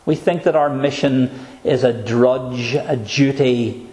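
A man preaching a sermon, earnest and emphatic, slowing down to stress key phrases. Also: medium pitch, darkish tone, roomy sound, rough recording.

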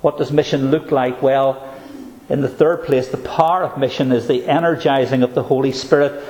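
A man's voice: medium pitch, fairly even intonation, a little mellow. Emphatic male preacher in an echoey room. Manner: earnest, emphatic, repeats key phrases slowly. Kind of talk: sermon.

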